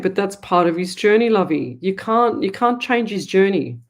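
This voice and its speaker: A woman's voice: on the low side, expressive, a little slow, hardly any pauses. Blunt Australian woman psychic host. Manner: blunt, motherly scolding, calls people lovey. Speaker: psychic medium radio host. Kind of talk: live call-in reading.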